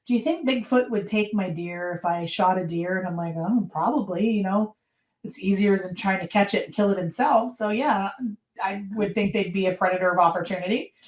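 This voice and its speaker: A woman guest tells her stories in a casual, animated way. She acts out the lines of the people in her stories and laughs often. Her voice sits at an ordinary middle pitch and rings with a roomy echo. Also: brisk. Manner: lively storyteller who acts out quotes and laughs often. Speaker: podcast guest. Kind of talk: casual interview storytelling.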